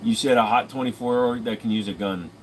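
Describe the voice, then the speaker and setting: A man's voice: medium pitch, a little fast, a little hiss or hum, poor audio. A man streaming late at night, casually answering chat questions with crude jokes and riffs. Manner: crude joking, riffing impressions. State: sleepy.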